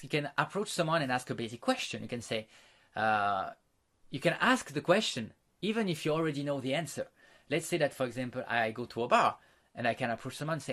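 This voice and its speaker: A man's voice: mid-range voice, fairly bright tone. A man teaching social skills, explaining step by step and acting out sample lines, with slightly non-native phrasing. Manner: plain, repetitive, demonstrates lines in quotes. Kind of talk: instructional talk to camera.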